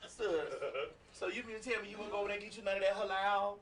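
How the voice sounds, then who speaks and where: A woman's voice: medium pitch, flat delivery, fast, distant mic, a little hiss or hum. A woman hosting a comedic talk show, brash and profane, laughing as she talks. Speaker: host.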